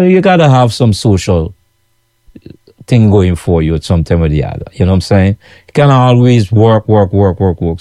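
A man's voice: fairly low pitch, mellow, no room sound, clean studio sound. A man from Guyana with a Guyanese accent, a food vendor talking casually to his followers, chatty and repetitive, often asking "you know what I'm saying". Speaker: food vendor running his own kitchen business.

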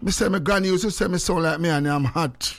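A Jamaican man with a slightly raised voice talks in a loose, lively way. He hosts the chat, slipping between English and patois as he lectures and jokes. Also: a little high, quick pace. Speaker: radio host. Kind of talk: casual chat.

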